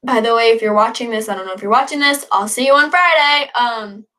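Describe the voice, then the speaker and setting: A woman's voice: on the high side, brisk, pushed and bright. A young woman in her late teens hosting a casual livestream, reading viewer comments aloud and rambling in an upbeat, chatty way. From northern United States. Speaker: livestream host.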